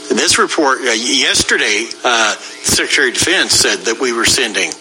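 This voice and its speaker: A man co-hosting a talk show, explaining news reports in a measured way with some halting restarts. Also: medium pitch, animated, noisy background. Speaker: co-host. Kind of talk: conversational news commentary.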